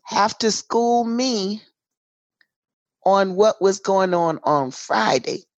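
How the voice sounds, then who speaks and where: A woman's voice: mid-range voice, lively intonation, slow pace, no echo. A woman co-hosting a podcast, telling a story in a casual, emphatic way. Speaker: podcast co-host. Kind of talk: casual chat. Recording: slightly dull lo-fi sound.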